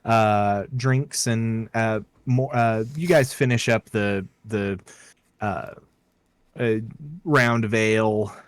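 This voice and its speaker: Man running a tabletop game, halting. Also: fairly low pitch, steady tone, clean tone, no echo. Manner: halting, filler-heavy narration. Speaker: game master.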